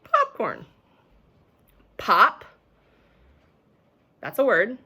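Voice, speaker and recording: A woman's voice: on the high side, wildly swooping pitch, very slow, bright, forceful tone, slight background noise. A young woman teaching a remote phonics lesson to young children, patiently sounding out words, recorded on a camera mic at home.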